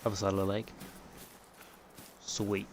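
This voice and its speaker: A man live streaming a hunting game, chatting casually and often dropping to a quiet mutter. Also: lowish voice, level tone, unhurried, a little hiss or hum. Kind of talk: casual gameplay commentary.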